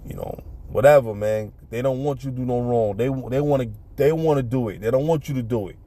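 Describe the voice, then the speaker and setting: Mellow-voiced New man telling a story. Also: medium pitch, brisk, a little hiss or hum. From New York City. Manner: animated, acts out punches with sound effects. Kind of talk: casual storytelling.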